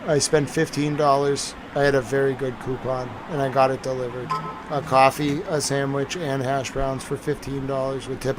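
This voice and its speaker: A man's voice: medium pitch, little pitch movement, moderate pace, slight background noise, poor audio. A tired man hosting a live stream, chatting casually and rambling to his viewers.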